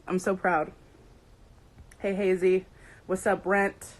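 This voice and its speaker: A woman's voice: fairly low pitch, steady tone, measured pace, pauses often, a little mellow, poor audio. A young woman hosting a casual livestream, bubbly and playful, greeting viewers by name. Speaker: livestream host.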